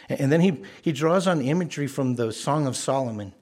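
Pastor, male, husky mid-range voice, earnest sermon delivery with stammered repeats. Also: medium pitch, normal speed, a little mellow. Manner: earnest, repeats words when stressing a point.

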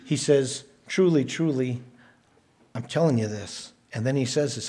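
A male pastor preaches a sermon with measured, emphatic delivery, his voice at an ordinary male pitch with a darkish tone. He repeats words for stress, driving his points home through repetition.

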